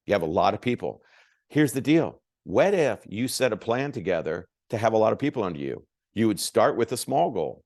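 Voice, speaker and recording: A man's voice: lowish voice, a little fast, dry recording, studio quality. A man giving a motivational sales talk as a coach, acting out both sides of conversations. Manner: animated, acts out both sides of dialogues.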